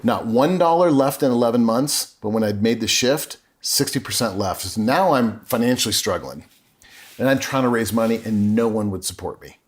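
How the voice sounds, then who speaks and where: Speaking at normal speed in an expressive, medium-pitched voice, a middle-aged podcast guest shares his own story. He's sincere and visibly emotional, with frequent restarts.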